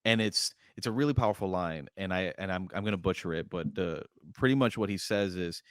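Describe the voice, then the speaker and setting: A man's voice: low-pitched, a little fast, dry recording, studio quality. A man co-hosting a podcast, retelling movie scenes with animation and acting out the characters' lines. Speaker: podcast co-host. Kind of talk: casual film discussion.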